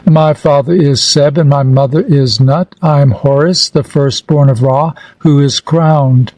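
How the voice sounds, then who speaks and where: A man reading an ancient funerary text aloud in a solemn, measured, declamatory manner. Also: on the high side, steady tone, darkish tone, dry recording, rough recording. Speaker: reader.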